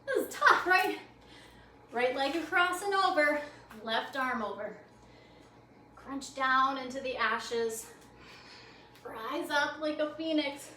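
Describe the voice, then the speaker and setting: A woman's voice: high voice, lively intonation, slow, pauses often, bright, forceful tone. A woman yoga instructor calling out poses in a guided class, upbeat, playful and encouraging, slightly out of breath. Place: library program room. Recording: echoey room, mic at a distance, faint noise.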